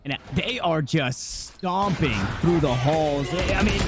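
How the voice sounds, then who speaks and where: A man calls an esports match play by play, his voice sitting a little high. He talks in excitable bursts and often restarts his sentences. A faint hiss of noise runs under him. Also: a little slow, few pauses. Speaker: esports caster. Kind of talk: play-by-play commentary.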